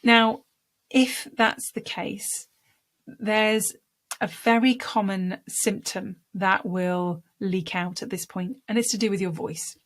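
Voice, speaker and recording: Woman, speaking coach, conversational teaching, mid-pitched voice. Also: slow. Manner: conversational, demonstrates voice techniques. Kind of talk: direct-to-camera teaching.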